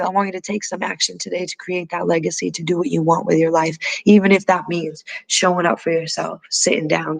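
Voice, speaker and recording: A yoga and meditation teacher, a man with a high-set voice, signs off a live class in an effusive, motivational rush. He gets emotional and repeats his words for emphasis. The sound is dry and close. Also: vocal fry, fairly bright tone, no echo, low-quality recording. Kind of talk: heartfelt live-stream sign-off talk.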